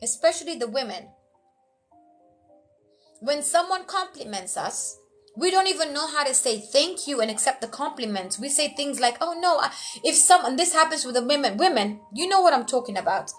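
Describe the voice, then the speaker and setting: A woman emcee giving motivational life tips in casual talk, frank and animated, sometimes acting out quoted voices. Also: high-pitched, moderate pace, faint music behind. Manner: frank, blunt, lightly profane.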